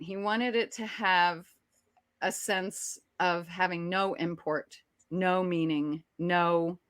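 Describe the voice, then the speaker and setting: A woman who is an actress, telling a story as an interview guest in a lively, chatty way with quick restarts. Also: fairly low pitch, no echo, clean studio sound. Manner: animated, chatty, frequent restarts and laughs.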